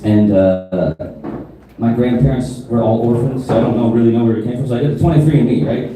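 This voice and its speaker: A man in his thirties doing a crude stand-up comedy set in a club, with a deadpan delivery and asides to the crowd. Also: mid-range voice, a little fast. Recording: roomy live club sound, from a distance.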